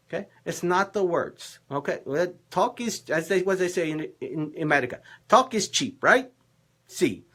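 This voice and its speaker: A man's voice: sits high, fairly bright tone, full character voice. A man playing a boisterous, middle-aged Italian male love professor, giving dating advice in broken English with a put-on Italian accent and theatrical emphasis. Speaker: relationship coach. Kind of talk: comedic in-character advice livestream.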